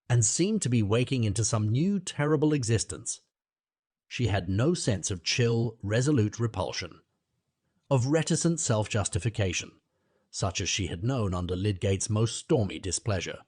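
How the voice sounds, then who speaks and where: A man narrating a classic novel as an audiobook, in a measured, literary reading. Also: on the low side, darkish tone, dry recording, clean studio sound.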